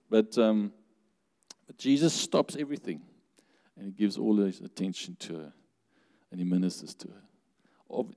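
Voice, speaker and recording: A man preaching a sermon in a church hall, with a fairly low, mellow voice. He talks conversationally, asks the listeners questions and laughs now and then. A long reverb from the hall hangs on his words.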